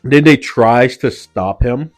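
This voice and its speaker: A man's voice: medium pitch, slow pace, faint music behind. A man giving a casual, slangy recap of an anime episode, loose and full of "like" and "yo". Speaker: anime reviewer.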